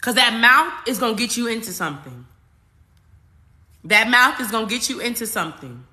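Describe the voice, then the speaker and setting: Woman host, casual livestream, bright forceful tone, repeats herself for emphasis. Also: a little high, big pitch swings, moderate pace. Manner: emphatic, repetitive, talks straight at the audience; casual slang and swearing. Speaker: spiritual coach and astrology livestream host. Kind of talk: casual livestream talk to viewers.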